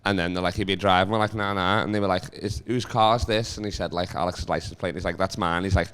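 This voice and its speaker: A man's voice: low voice, fairly even intonation, fast talker, a bit bright, clear, resonant tone. A young man from Liverpool with a Liverpool accent, telling rambling, sweary stories on a comedy podcast. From Liverpool, England. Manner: rambling storyteller, swears a lot, laughs. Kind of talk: casual podcast chat.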